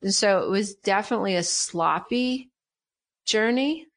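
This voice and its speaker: A middle-aged woman speaks as a guest coach, her pitch sitting right in the middle. She presses her points with emphatic energy and often says them twice. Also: measured pace. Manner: emphatic, repeats key phrases, animated. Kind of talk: interview conversation.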